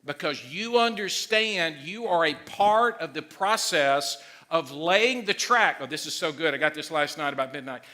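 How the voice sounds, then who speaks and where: A middle-aged man preaching a sermon as pastor, excitable and emphatic, loud at times. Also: on the high side, moderate pace, hardly any pauses.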